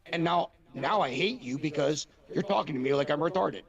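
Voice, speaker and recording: Argumentative male guest, blunt and frustrated, fairly high pitch. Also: fairly quick, gravelly, lo-fi sound. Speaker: guest on a stream call. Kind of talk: live stream debate.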